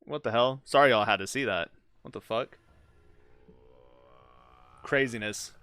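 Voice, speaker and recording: A young man giving live gameplay commentary as a streamer, excitable and swearing when frustrated. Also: mid-range voice, unhurried, clean tone, dry recording. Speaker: game streamer.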